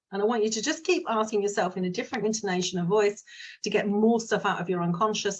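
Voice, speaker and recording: A woman's voice: mid-range voice, quick pace, a little mellow, breathy edge, highs cut off. A woman, a business mindset coach talking casually and frankly to her viewers, drifting into side stories. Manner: chatty, frank, digressive. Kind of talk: casual solo talk to viewers.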